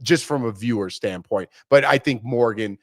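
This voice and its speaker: A man's voice: medium pitch, normal speed, a bit bright, dry recording, studio quality. A man in his forties co-hosting a podcast in casual chat, telling stories animatedly and acting out quoted voices. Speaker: podcast co-host.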